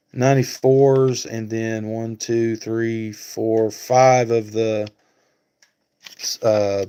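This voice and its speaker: A man's voice: medium pitch, warm tone, smooth. Rambling man chatting on a live stream. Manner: rambling, thinks aloud with many fillers; talks back to chat viewers by name. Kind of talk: casual live stream chat.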